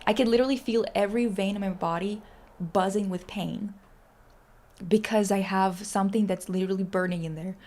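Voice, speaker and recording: A woman's voice: medium pitch, steady tone, fairly quick, darkish tone. A young woman streaming and chatting casually, blunt and emphatic, with frequent swearing. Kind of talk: casual livestream chat.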